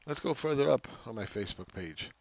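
A man's voice: mid-range voice, animated, brisk, gravelly, darkish tone, no room sound, dull audio. A man hosting a market commentary channel, ranting sarcastically with exasperation and repeating phrases for emphasis. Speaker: market analyst host.

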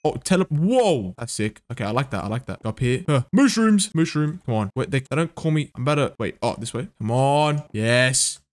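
A man giving live gameplay commentary, excitable and swearing under his breath, with sudden gasps and outbursts. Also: mid-range voice, normal speed, few pauses, no room sound. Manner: mutters to himself, swears when frustrated. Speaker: gaming video creator.

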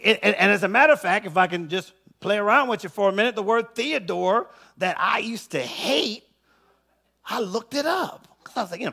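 A male pastor preaches in a very high, bright voice with a gravelly edge. He calls out to the congregation and pushes them to answer back. He often climbs into full shouts. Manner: call-and-response preaching, shouting at peaks. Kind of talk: sermon. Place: church sanctuary.

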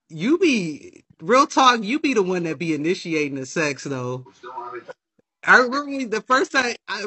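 A woman's voice: fairly high pitch, sharp tone, breathy edge. A woman in a casual livestream chat who laughs a lot and defends herself against her partner's claims. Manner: defensive, laughing, fast protesting.

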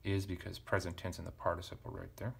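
Deep-voiced man teaching ancient Greek. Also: flat delivery, fast talker, creaky, breathy edge. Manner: thinking aloud, self-correcting, casual asides. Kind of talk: relaxed verse-by-verse parsing lesson.

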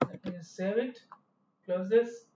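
A programming tutor records his screen for a coding tutorial, his explanations rambling and often correcting themselves. His voice is high-pitched, a little slow and a little mellow, and the room sounds echoey and dull.

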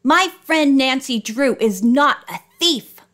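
A woman's voice: high-pitched, expressive, slow pace, fairly bright tone, voice pushed up, full character voice. A woman reading an audiobook voices a loyal teenage girl who speaks up protectively for her friend. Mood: indignant. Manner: indignant, protective.

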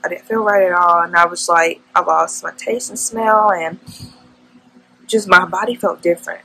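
A woman's voice: on the low side, fairly even intonation, moderate pace, pushed and bright, slight background noise, low-quality recording. A young woman vlogging at home, telling an emotional, faith-filled story in casual chat.

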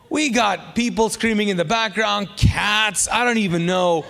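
A man preaching a sermon as pastor, lively and chatty, acting out funny stories with sudden loud bursts. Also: high-pitched, unhurried, gravelly, few pauses, in a large hall. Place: church sanctuary.

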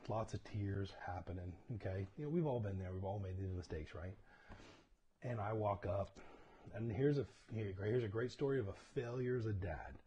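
On a casual livestream, a pastor preaches in a conversational way, frequently asking "okay?" and laughing at himself while sharing personal stories. His voice is lowish and mellow, and the audio is dull and lo-fi with faint noise.

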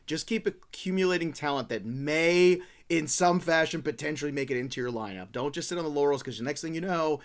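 Fast-talking podcast host, a man. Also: a little high. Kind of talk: casual podcast chat.

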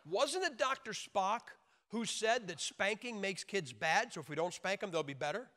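A man preaching a sermon in an emphatic, joking way, now and then mimicking wailing babies with high shouts. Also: lively intonation, moderate pace. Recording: long hall reverb.

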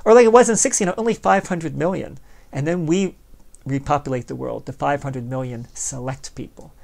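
Podcast guy rambling on, talks right at you, kinda gravelly. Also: on the high side, a little fast, darkish tone. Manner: sardonic, plays both sides of an imagined dialogue; rambling, conversational, addresses the listener directly. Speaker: podcast host. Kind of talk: philosophical monologue.

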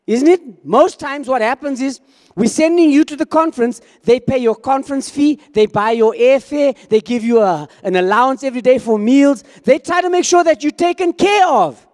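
A man's voice: very high voice, lively intonation, normal speed, darkish tone, long reverb tail. A man preaching a sermon as pastor, talking conversationally and acting out quoted dialogue.

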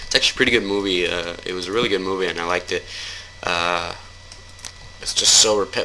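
A man's voice: low-pitched, a little fast, pauses often, bright, forceful tone, a little hiss or hum, poor audio. A man giving casual let's-play commentary while he plays, rambling and joking, then taking his jokes back. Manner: rambling, jokey, keeps taking things back. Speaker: gamer.

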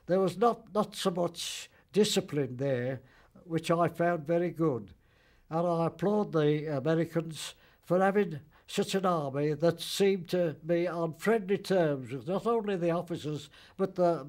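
Casting: very old man, veteran interviewee, halting and fairly high-voiced. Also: darkish tone. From Birmingham, England. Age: older, about 90s. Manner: halting, repeats words, old-fashioned dialect grammar. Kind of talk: spoken recollection in interview.

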